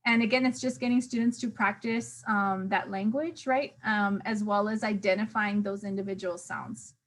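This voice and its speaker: A woman's voice: mid-range voice, steady tone, moderate pace. A young woman teacher giving a casual recorded review lecture to interns, with frequent fillers and "right?" check-ins. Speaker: teacher trainer.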